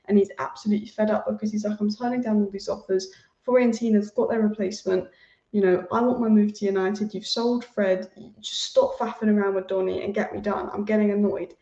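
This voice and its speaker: A woman's voice: mid-range voice, mellow, distant mic. A woman hosting a football transfer news video, casual and opinionated, repeating names for emphasis. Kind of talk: casual fan commentary. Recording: roomy, slightly dull home recording.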